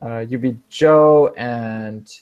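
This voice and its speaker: A man's voice: medium pitch, drawn-out words, clean tone, phone-quality sound. A man teaching an English speaking class, explaining expressions patiently and rephrasing them several times.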